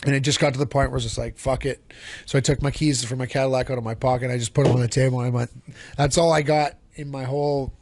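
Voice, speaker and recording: A man's voice: mid-range voice, fairly even intonation, fast talker. A man who sings in a band, telling a long story in a casual interview, restarting sentences and swearing freely. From Canada. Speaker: band singer and songwriter.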